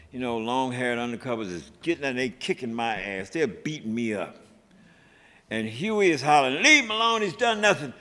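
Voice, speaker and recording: An older man spins a story with a lively, chuckling delivery, throwing himself into the shouted bits. His voice sits in a middle register. The sound carries the long echo of a large hall. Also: mid-range voice. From United States. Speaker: activist recounting history. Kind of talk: animated storytelling talk. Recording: echoey hall.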